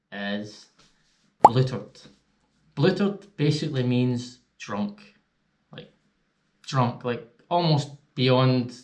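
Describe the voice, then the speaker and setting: A Scottish man vlogging at home, casually explaining slang in a chatty, easygoing way. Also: fairly low pitch. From Scotland. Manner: chatty, easygoing, laughs at his own examples. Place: indoors at home.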